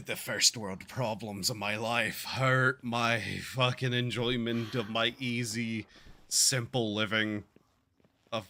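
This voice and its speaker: A man's voice: mid-range voice, fairly even intonation, slow pace, sharp tone. A man streaming a game, talking in a drawling, meandering way with sighs and casual swearing. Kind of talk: casual gaming stream chat.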